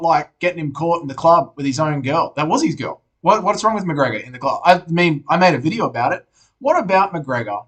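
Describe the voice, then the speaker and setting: A man's voice: on the high side, a bit bright. A young Australian man hosting a casual live stream, reading viewers' messages aloud, swearing often and calling everyone mate. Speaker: streamer host reading chat.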